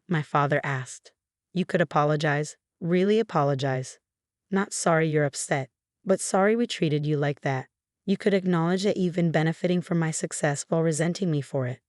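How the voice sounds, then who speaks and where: Woman narrator in her thirties, deep voice, flat steady delivery, dry recording. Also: dry recording. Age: 30s. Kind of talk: scripted story narration.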